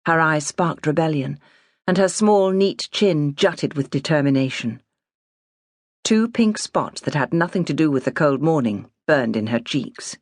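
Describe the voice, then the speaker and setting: A woman narrating an unabridged novel in a steady, even storytelling manner. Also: low-pitched, measured pace, no echo, clean studio sound. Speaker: audiobook narrator. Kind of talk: scripted narration.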